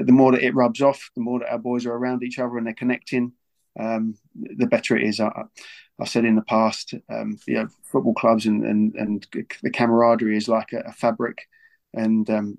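A man's voice: medium pitch, vocal fry, darkish tone. A man talking earnestly about his football club, often repeating words as he goes. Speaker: football club figure as guest. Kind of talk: casual podcast talk.

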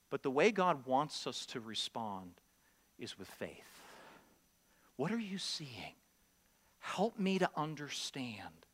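A male pastor delivering a sermon with a bright, forceful tone. He acts out the voices of his congregation, climbing into high, loud exclamations, then sinks low and slow for earnest points. His delivery is animated and conversational. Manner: animated, acts out quoted voices, dramatic pitch swings.

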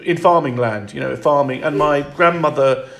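A man speaking as an interview guest in reflective conversation, halting and restarting often. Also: a little high, vocal fry, fairly bright tone, echoey room.

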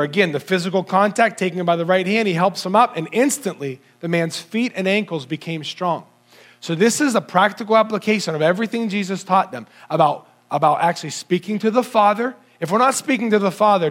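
High-voiced man preaching a lively sermon. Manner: animated, sweeping between low and high pitch when quoting scripture; audience-addressing with rhetorical questions.

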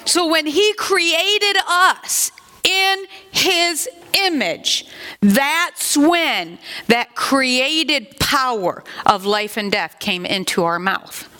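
An older woman pastor preaching a sermon in a chatty, animated way, with asides to the congregation. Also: high voice, drawn-out words.

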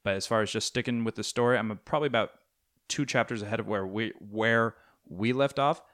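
On a laid-back podcast, a young co-host tells meandering, animated stories loaded with fillers. He speaks fairly quickly, with a voice on the low side.

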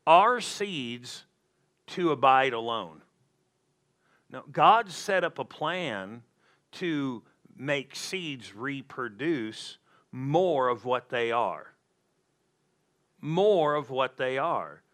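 Slow, bright-voiced male preacher. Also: medium pitch, expressive. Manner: conversational preaching with emphatic repetition. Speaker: pastor. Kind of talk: sermon.

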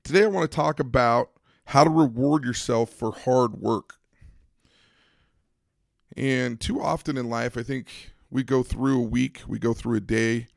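A middle-aged man with a gravelly, fry-edged voice at a medium pitch, talking through a motivational podcast. He tells coaching stories with growing animation. The sound is dry and close, with no room around it. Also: no echo. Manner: storytelling, animated when quoting players. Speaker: podcast host and former coach.

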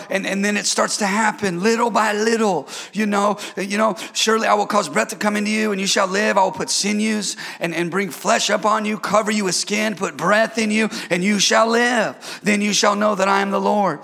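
Male preacher, high gravelly voice, call-and-response sermon, playful asides. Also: sharp tone. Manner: playful, joking with the congregation.

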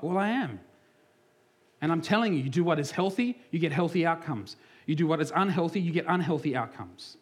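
A man preaching a sermon with a slightly high voice. He moves between plain teaching and acted-out quotes, some spoken almost in a whisper. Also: lively intonation, a little fast, breathy edge. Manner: acts out quoted voices, dropping into near whispers. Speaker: pastor.

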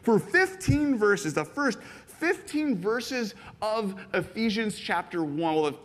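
A fast-talking pastor in his thirties, a man with a high voice, preaching with animated, filler-heavy storytelling. His voice rings in a church hall with a long reverb. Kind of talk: sermon. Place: church sanctuary.

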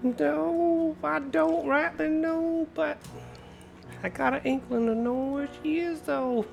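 A woman voicing a gruff, rude male dwarf innkeeper who calls people boy and fool in a tabletop role-play. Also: high-pitched, fairly even intonation, slow pace, soft background music, full character voice. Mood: surly.

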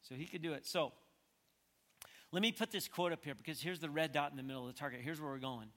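A male pastor preaching in a church sanctuary, his voice carrying a long hall reverb. His tone is bright and forceful, a touch high for a man. He moves between quiet, conversational stretches and emphatic peaks. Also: quick pace. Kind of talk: sermon.

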